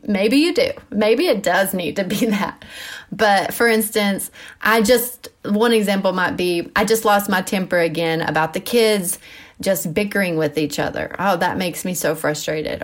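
A woman, a mother of school-age kids, hosting a casual Christian teaching podcast, talking in a chatty, animated way with frequent asides and fillers. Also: on the low side. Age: mother of middle schoolers. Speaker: podcast host.

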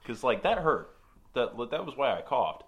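A man's voice: mid-range voice, big pitch swings, normal speed, fairly bright tone. A man co-hosting an improv comedy podcast in a dry, easygoing way, with a sore throat. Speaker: podcast co-host.

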